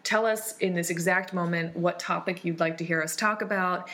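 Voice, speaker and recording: A woman's voice: on the low side, fairly even intonation, normal speed, a bit bright. A woman hosting a casual podcast, teasing her co-hosts and steering the conversation. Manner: bubbly, teasing, steering the talk. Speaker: podcast host. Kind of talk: casual chat.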